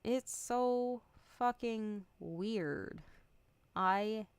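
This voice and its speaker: A woman's voice: mid-range voice, extremely slow, clear, resonant tone, no room sound. A woman in her twenties chatting candidly on a stream. She swears freely, laughs often and acts out both sides of the conversations she retells. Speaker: VTuber streamer. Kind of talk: casual chat stream.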